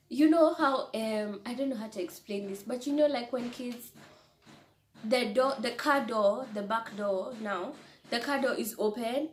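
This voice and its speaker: A young woman vlogger telling a story in an animated, breathless way, laughing often and restarting her sentences. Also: on the high side, a little hiss or hum. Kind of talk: storytime vlog. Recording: echoey room.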